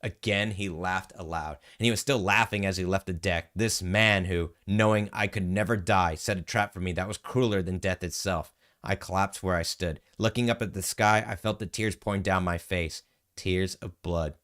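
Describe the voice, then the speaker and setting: Low-voiced man reading game text dramatically. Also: normal speed. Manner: earnest, expressive reading with brief surprised asides. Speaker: streamer. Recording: game music behind the voice.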